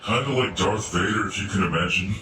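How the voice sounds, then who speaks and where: Through a voice changer, a man with a low voice gives brisk live commentary as he plays a game and talks casually with his viewers. The room is echoey, game music plays, and he sits some distance from the microphone.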